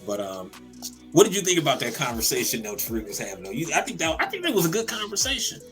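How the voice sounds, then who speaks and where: A man co-hosting a casual comedy podcast, talking in an animated, profane way, laughing often and repeating words as he goes. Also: fairly high pitch, fast talker, over music. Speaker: podcast co-host.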